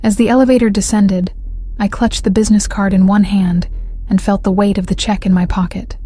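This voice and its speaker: A woman narrating a first-person romance audiobook in a measured, even way. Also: medium pitch, breathy edge, soft background music.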